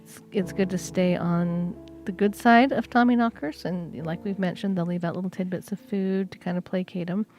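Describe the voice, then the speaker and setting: A woman's voice: lowish voice, fairly even intonation, normal speed, hardly any pauses, a little mellow, faint music behind. A woman co-hosting a podcast, casually retelling a folk tale with chatty asides and fillers. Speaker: podcast co-host. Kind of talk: casual storytelling.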